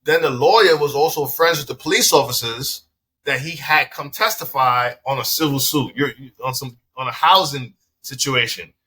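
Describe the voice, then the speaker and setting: With a medium-pitched, pushed and bright voice at normal speed, a Bronx-born dispensary owner appearing as a podcast guest recounts a story in a relaxed interview. He plays both parties in the exchanges and curses liberally, with slight background noise behind him.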